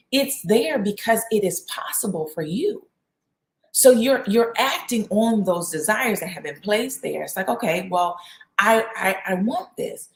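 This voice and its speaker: A woman's voice: mid-range voice, a little mellow. A woman in her thirties giving a casual devotional talk, chatting and acting out her family's lines. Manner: conversational, acts out her family's lines in quick bursts. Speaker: host of a faith talk show. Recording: roomy echo.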